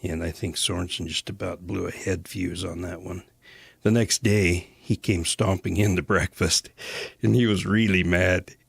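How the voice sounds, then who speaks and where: Man, 60s, from the Western US; deep, raspy and breathy; casual, meandering anecdotes. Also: steady tone, dry recording. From Western United States. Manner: unhurried, rambling, many "uh" pauses. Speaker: storyteller recalling mission days. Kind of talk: casual spoken reminiscence.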